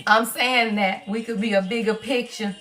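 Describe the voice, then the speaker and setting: A woman's voice: a little high, fairly even intonation, moderate pace, fairly bright tone, faint music behind. A middle-aged Southern woman with a Southern accent, a tarot reader talking on a livestream in a blunt, profane, preachy way. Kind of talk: livestream talk.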